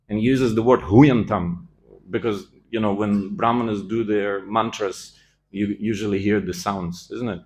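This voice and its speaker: A man's voice: on the low side, moderate pace, a little mellow. A man giving a scripture class in a temple, telling the story with animation and acting out the quoted lines.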